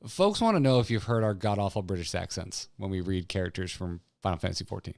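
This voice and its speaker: Man, podcast co-host, teasing, excitable, casual. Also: sits low, quick pace, vocal fry, dry recording, clean studio sound. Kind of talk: casual chat.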